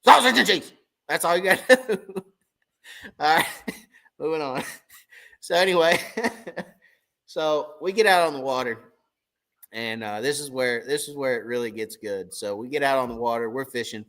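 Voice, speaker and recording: Bright-voiced man telling a story. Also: mid-range voice, moderate pace, pauses often. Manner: animated storyteller who acts out both sides of the talk. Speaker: tournament crappie angler and channel host. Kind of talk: live stream storytelling.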